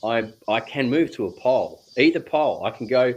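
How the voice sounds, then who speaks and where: A man, a guest speaking slowly and reflectively on spiritual ideas, with drawn-out phrasing and casual swearing. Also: mid-range voice, expressive, a little mellow.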